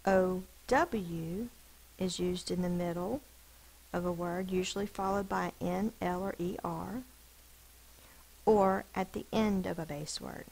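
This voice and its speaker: A woman teacher giving a phonics spelling lesson, sounding out words slowly and deliberately over a screen recording. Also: lowish voice, vocal fry, a little mellow, low-quality recording.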